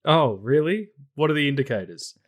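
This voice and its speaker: A man's voice: fairly high pitch, animated, moderate pace. Man, podcast guest, casual chat, loose, sweary, rambling.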